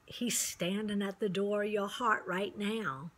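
A woman's voice: medium pitch, steady tone, a little slow. A woman preacher giving an earnest, encouraging devotional sermon straight to her listeners. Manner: earnest, encouraging, direct address.

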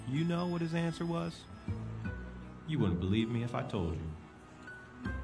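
A man voicing a weary, questioning male prophet in a slow, brooding video voice-over. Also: medium pitch. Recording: voice-over over loud music and sirens. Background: music and police sirens.

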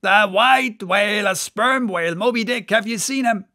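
A man's voice: sits high, a little slow, a bit bright, pitched above the performer's own voice. A man doing a bellowing, teasing old-time whaling mate. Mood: hailing loudly. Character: boisterous joking male whaling mate. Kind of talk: audiobook character voice.

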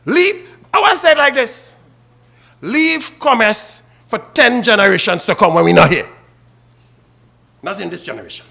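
A man's voice: sits high, lively intonation, normal speed, gravelly, pauses often, sharp tone. A man with a Trinidadian accent preaching a funeral sermon and calling out to the mourners by name. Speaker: officiating minister at a funeral.

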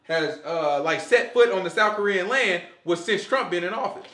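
A man's voice: sits high, moderate pace, roomy sound. A man giving a casual Sabbath Bible teaching, in a loose, slangy way, often asking "you know what I'm saying?" and acting out quoted voices. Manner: animated, acts out quoted voices and laughs along.

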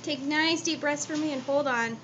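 A woman with a high voice talks a patient through a home procedure in a soothing, teasing manner. The sound is muffled, with steady background noise. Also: normal speed. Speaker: person doing the procedure. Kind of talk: casual talk during home procedure.

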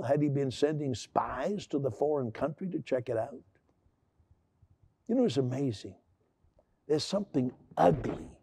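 A man's voice: on the high side, mellow, breathy edge. A man preaching a sermon, stammering through repeated restarts and building to emphatic, raised passages. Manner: repetitive stammering restarts, rising to emphatic outbursts. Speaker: pastor.

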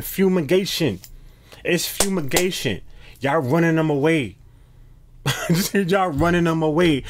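A man giving a casual spiritual tarot reading to his viewers, slangy and emphatic, often repeating phrases and restarting as messages come through. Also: on the high side. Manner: hesitant restarts when channeling messages. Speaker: tarot card reader.

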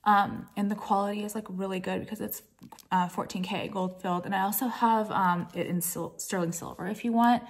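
Woman, home vlogger, breathless and queasy, chatty and rambling, mid-pitched. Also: fairly even intonation, a little fast. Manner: rambling, swears casually, many fillers. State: out of breath and nauseous. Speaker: jewelry brand owner and vlogger. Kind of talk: casual vlog chat.

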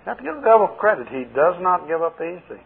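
A man's voice: high voice, very animated, quick pace, creaky, breathy edge. A male pastor preaching in a chatty, joking way and telling stories with acted dialogue, heard on a tinny lo-fi 1980 tape. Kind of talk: sermon with storytelling.

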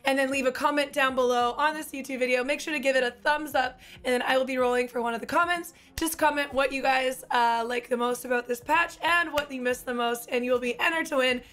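A young woman who has partly lost her voice, gushing through an excited reaction to new game content. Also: sits high. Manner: gushing, excitable, quick exclamations. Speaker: gaming YouTuber and streamer. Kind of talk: excited gameplay reaction commentary.

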